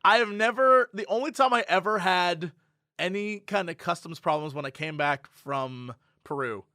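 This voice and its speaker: A man's voice: high voice, moderate pace, dry recording, studio quality. A young adult man co-hosting a podcast in casual chat, telling stories and acting out the voices of the people in them. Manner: animated storyteller, acts out voices. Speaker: podcast co-host.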